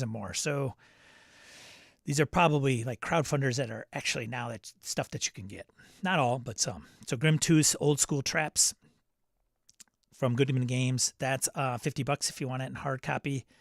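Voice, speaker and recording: A man's voice: on the high side, creaky, dry recording. Chatty man with a dry close sound. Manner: chatty, reads listings then riffs with laughs and asides. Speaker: podcast host. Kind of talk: casual solo news rundown.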